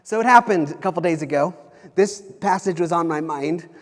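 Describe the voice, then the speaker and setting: A man in his thirties, a pastor, preaches in a loose, conversational way. His voice sits a little high for a man, and he often restarts and repeats phrases. The sound carries a long reverb tail, as if from a church sanctuary. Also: moderate pace. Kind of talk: sermon.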